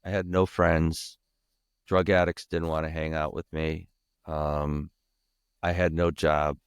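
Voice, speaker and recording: Casting: low-voiced man, guest on a podcast, candid and emphatic storytelling, dry close sound. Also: little pitch movement, slow, clear, resonant tone, dry recording. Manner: emphatic and raw, swearing, restarting sentences. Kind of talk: candid personal storytelling in interview.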